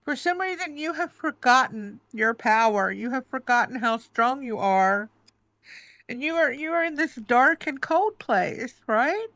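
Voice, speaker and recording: A tarot reader with a high-sitting, fairly bright, animated voice speaks a little slowly, close to tears and near breaking as she reads for her listener. Emotional and reassuring by turns, she repeats phrases and keeps saying "okay?" and "baby". The sound is close and dry, with no echo or room around it.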